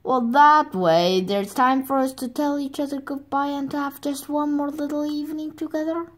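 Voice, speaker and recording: A woman voicing a nervous, soft-hearted fox in a storybook reading, hesitant and flustered. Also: high voice, moderate pace, voice pushed up, lightly acted.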